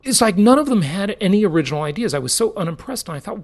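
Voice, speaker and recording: A middle-aged man hosts a podcast in a casual monologue. His voice swings widely up and down and has a gravelly edge. He talks in an emphatic, salesy way. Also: high voice, lively intonation, rapid-fire, hardly any pauses. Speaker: podcast host.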